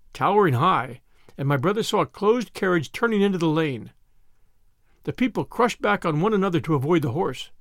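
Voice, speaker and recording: Male audiobook narrator, dramatic reading, high pitch, very lively intonation, dry close sound. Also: no room sound. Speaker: audiobook reader. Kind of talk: scripted narration of a classic novel.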